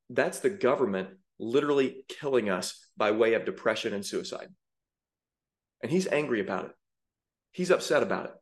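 A man preaching with fiery indignation, rising to emphatic peaks as he reacts to song lyrics. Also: medium pitch. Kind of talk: sermon-style commentary.

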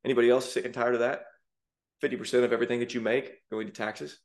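A man's voice: mid-range voice, flat delivery, fast talker. A man preaching with fiery indignation, rising to emphatic peaks as he reacts to song lyrics. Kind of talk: sermon-style commentary.

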